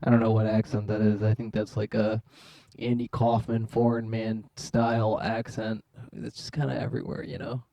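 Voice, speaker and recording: A man's voice: on the low side, completely flat delivery, normal speed, hardly any pauses, mellow. Rambling, profane man chatting on a stream. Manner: rambling, profane, self-mocking. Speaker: live-streaming synth musician. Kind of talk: casual live-stream chat.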